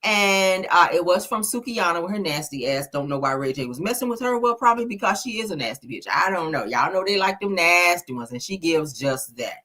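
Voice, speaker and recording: A woman's voice: on the low side, expressive, a little fast, few pauses, sharp tone. Sassy, profane woman gossip commentator. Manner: sassy, blunt, profane, laughs often.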